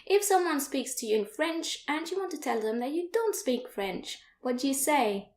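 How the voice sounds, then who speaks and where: A woman's voice: high voice, very animated, moderate pace, roomy sound. A young woman teaching beginner French phrases in an online lesson, speaking carefully and repeating each phrase for learners.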